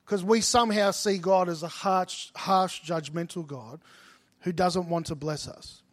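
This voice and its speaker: Middle-aged male pastor, sermon storyteller, slightly raised pitch, emphatic peaks. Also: fairly even intonation, a little slow.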